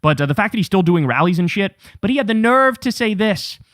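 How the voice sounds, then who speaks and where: Guy with a high voice ranting about politics, sarcastic and sweary, dead dry mic. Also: a little fast, dry recording. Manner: mocking, animated, swears a lot, says bro. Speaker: political commentary host. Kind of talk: casual profane political commentary.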